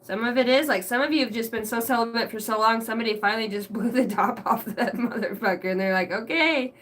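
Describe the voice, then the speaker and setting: This tarot reader talks at a quick pace in a steady voice on the high side. Her casual reading is giggly and crude, full of free swearing and frequent laughter.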